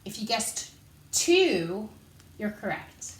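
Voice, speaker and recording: Speaking slowly but very animatedly in a medium-pitched voice, a woman patiently guides an elementary music class, counting rhythm syllables aloud as she moves. She sounds encouraging and out of breath, and the echoey room puts her at a distance.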